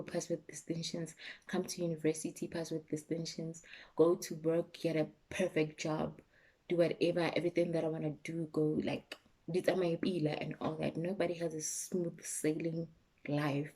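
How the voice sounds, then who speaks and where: A young South African woman with a South African accent, talking candidly and emotionally to her vlog viewers, sometimes dropping to a soft, low voice. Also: creaky, slightly rough. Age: young adult. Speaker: YouTuber. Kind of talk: personal vlog chat.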